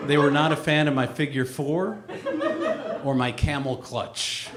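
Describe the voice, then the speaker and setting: A man in his forties performing a stand-up comedy set in a live venue, telling stories with lively acted-out quotes. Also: medium pitch, reverberant, a little hiss or hum. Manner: animated storytelling with acted-out quotes. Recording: live room with loud audience laughter. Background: audience laughing.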